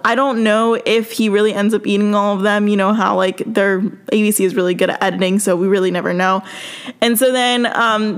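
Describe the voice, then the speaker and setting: Young woman rambling casually through a recap, tons of likes and ums, mid-pitched voice. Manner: chatty, filler-heavy storytelling with frequent "like" and "um". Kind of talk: casual chat recapping a TV episode.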